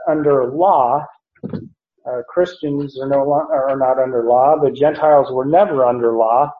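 A man teaching through a Bible passage verse by verse, explaining deliberately and pausing often to correct himself. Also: on the high side. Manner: slow, deliberate explanation with frequent "uh" and self-corrections. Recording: roomy, dull lo-fi recording.

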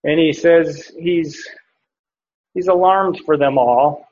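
A man's voice: on the high side, takes it slowly, a little mellow, a little hiss or hum. A man preaching, teaching a passage verse by verse, with frequent fillers and restarts. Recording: dull lo-fi recording.

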